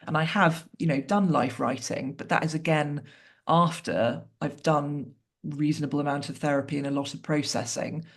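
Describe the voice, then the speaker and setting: A woman's voice: low voice, vocal fry. A woman author speaking as a guest in an interview, talking candidly and reflectively with wry asides over a video call.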